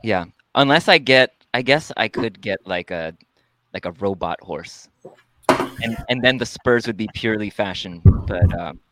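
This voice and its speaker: A man's voice: on the low side, expressive, unhurried, fairly bright tone, slight background noise. A man, a musician guest, chatting casually and playfully with lots of ums and restarts. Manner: laid-back, hesitant with many ums, playful. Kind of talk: casual podcast conversation.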